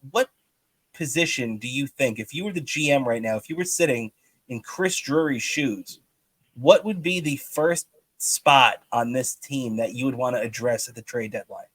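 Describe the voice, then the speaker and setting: A man's voice: mid-range voice, no room sound. Man, podcast co-host, mid-range voice, rambling delivery, dry close sound. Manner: rambling, many restarts and fillers. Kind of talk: casual sports talk.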